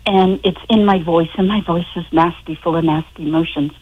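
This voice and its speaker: A woman guest on a community radio talk show, calmly guiding listeners through an imagination exercise with sound. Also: fairly low pitch. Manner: calm, unhurried, instructive. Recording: tinny phone line.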